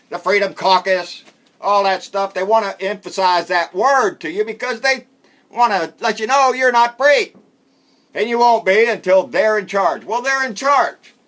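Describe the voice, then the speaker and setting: A man's voice: high-pitched, fairly bright tone. A man delivering a sarcastic, blunt political rant as host of his own show. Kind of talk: ranting political monologue.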